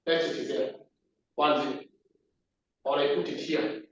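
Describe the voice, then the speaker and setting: A man's voice: on the high side, little pitch movement, normal speed, a little hiss or hum. A man teaching a maths class at the board, repeating key terms and asking the class questions. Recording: echoey room, distant lo-fi mic.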